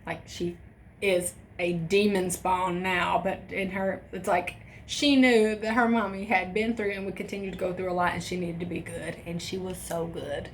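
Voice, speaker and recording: A young woman vlogger telling a personal story in a casual, animated way, swearing freely. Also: on the low side, normal speed, a little hiss or hum. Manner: animated, profane, laughing asides.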